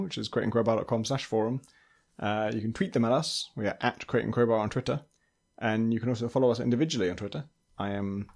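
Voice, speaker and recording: A man with an ordinary mid-range voice hosting a casual games podcast. He sounds relaxed and wry, reading listener mail and chatting easily. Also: medium pitch. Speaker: podcast host. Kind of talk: casual chat.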